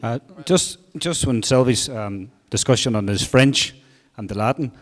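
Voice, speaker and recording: A man's voice: mid-range voice, a little slow. A man in the audience asking a question, hesitant and searching for his words. The hall gives his voice a long, trailing reverb. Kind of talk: audience question at a public talk.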